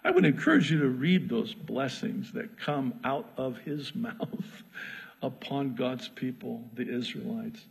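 A man preaching a sermon, telling a story in a lively, joking way with asides. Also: mid-range voice, unhurried, vocal fry, husky. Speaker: pastor. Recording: long hall reverb.

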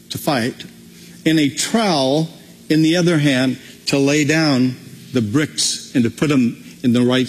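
Man, pastor, conversational sermon, fairly high husky voice, long reverb of a big church hall. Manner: conversational preaching with frequent restarts.

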